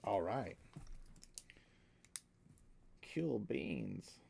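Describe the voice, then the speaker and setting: A man running a tabletop game as game master, describing the scene in a slow, halting way. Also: lowish voice, sing-song, vocal fry, a little mellow, breathy edge.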